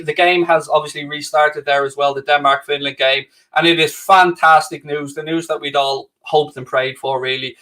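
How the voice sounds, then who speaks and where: Upbeat young Irish streamer, slightly high voice, jokey self-mocking chat with viewers. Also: male voice, fairly bright tone. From Ireland. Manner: cheerful, chatty, self-mocking banter. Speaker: livestream host. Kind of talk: casual live chat reading viewer comments.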